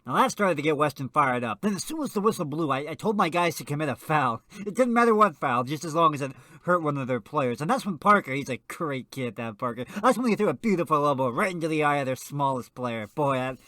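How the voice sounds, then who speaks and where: Coach figure: gleeful, scheming college basketball coach, voiced by a man, bright sharp tone, dry close sound. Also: a little high, expressive, quick pace, few pauses, no echo. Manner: gleeful, chuckling, proud of dirty tactics. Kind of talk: comedic radio sketch acting.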